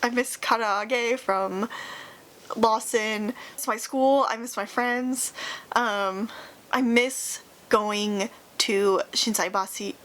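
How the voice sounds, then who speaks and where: A woman's voice: fairly high pitch, fairly even intonation, takes it slowly, a bit bright. A young woman talking casually to her viewers, rambling through lots of fillers and restarts and sounding wistful and nostalgic, close to tears at times. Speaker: YouTuber. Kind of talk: casual chat.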